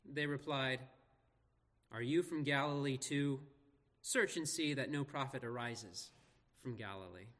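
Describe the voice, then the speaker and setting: A man pastor reading scripture aloud and preaching in an earnest, measured way with slow emphatic pauses. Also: mid-range voice, fairly bright tone. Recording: long reverb of a large hall.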